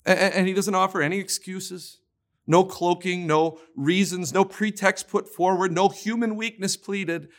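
Man, pastor, sermon, earnest, emphatic, stammered restarts, slightly high voice. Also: steady tone, normal speed.

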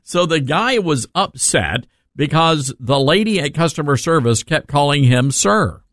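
A man's voice: fairly high pitch, lively intonation, measured pace, a bit bright, dry recording, studio quality. A man hosting a talk radio show, speaking in a brash and blunt way.

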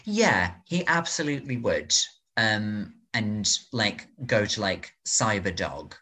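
A man's voice: on the low side, big pitch swings, takes it slowly, pushed and bright. A man co-hosting a podcast, chatting loosely with lots of "like" and jokey reactions. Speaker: podcast co-host. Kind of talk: casual chat.

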